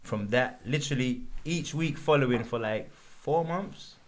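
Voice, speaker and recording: A young man, a podcast guest telling a lively story in casual chat. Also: medium pitch, measured pace. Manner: animated storytelling, quotes himself, lots of "you know what I'm saying".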